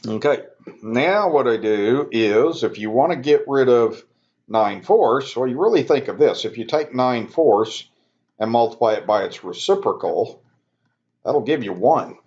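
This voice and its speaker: Relaxed man explaining math steps. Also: mid-range voice, measured pace, muffled recording. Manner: relaxed, conversational, self-correcting, talks students through steps. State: yawning, sleepy. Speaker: math instructor. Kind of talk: recorded math lecture.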